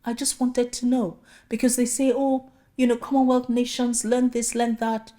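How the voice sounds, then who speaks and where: A man's voice: extremely high pitch, little pitch movement, moderate pace, dark tone, voice pushed up. A woman voicing a condescending male law-firm owner who talks down to a job applicant in a patronizing, dismissive way. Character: condescending Welsh law-firm owner, middle-aged man.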